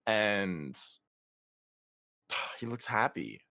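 A man's voice: fairly low pitch, big pitch swings, extremely slow, creaky, bright, forceful tone, no room sound, clean studio sound. A young man co-hosting a casual podcast, playful and laughing, with mock self-pity. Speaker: podcast co-host.

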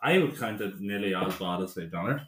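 A young man co-hosts a podcast, chatting casually, telling stories, swearing a lot and laughing often. His low voice is expressive and fairly quick with a fairly bright tone, recorded in an echoey room with a little hiss or hum.

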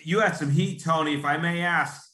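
Man guest on a podcast, halting and thoughtful, bright tone, echoey room. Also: on the high side, fairly even intonation. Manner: halting, reflective, searching for words. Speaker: interview guest. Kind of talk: casual interview talk.

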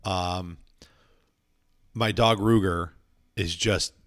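A man's voice: low-pitched, fairly even intonation, very slow, a bit bright, no echo, studio quality. A man chatting casually as a podcast co-host, telling rambling stories full of fillers and playful asides. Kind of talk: casual chat.

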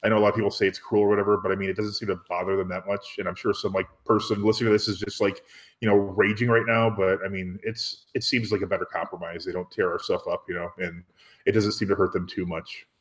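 A young man co-hosting a podcast, talking in a relaxed, wry way with lots of fillers. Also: low voice, quick pace. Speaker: podcast co-host. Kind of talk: casual chat.

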